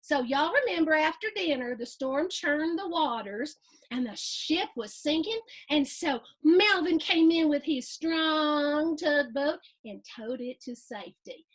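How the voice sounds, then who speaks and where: A woman hosting a storybook reading for children, animated and sing-song, chatting with her young listeners between pages. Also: sits high, measured pace. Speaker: host reading a picture book to children. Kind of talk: storybook read-aloud for kids.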